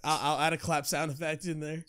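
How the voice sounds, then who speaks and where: A man's voice: fairly high pitch, little pitch movement, brisk, a bit bright, clear, resonant tone. Young man hosting a chat podcast, joking. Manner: joking, laughs often. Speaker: podcast host. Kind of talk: casual chat.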